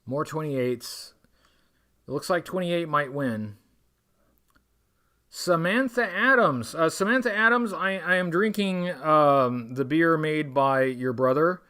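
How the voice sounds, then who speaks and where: On a livestream, a male host reads an adventure gamebook aloud, interrupting himself with wry, rambling jokes. His voice is fairly high and slow, with a sharp edge.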